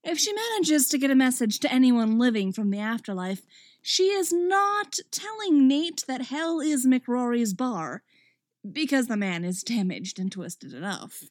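Animated, wry woman reading a story. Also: high-pitched, measured pace, no room sound, clean studio sound. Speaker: story reader. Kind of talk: reading fan fiction aloud.

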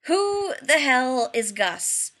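A woman voicing an exasperated, grumpy man who shouts and sounds incredulous in an audiobook reading. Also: sits high, very animated, drawn-out words, exaggerated voice. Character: exasperated grumpy man, shrill when annoyed.

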